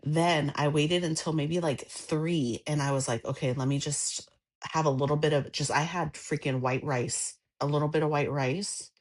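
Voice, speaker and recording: A woman co-hosting a podcast, talking in an expressive, chatty way. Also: low-pitched, moderate pace. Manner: expressive, gasps and laughs, chatty. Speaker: podcast co-host. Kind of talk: casual chat.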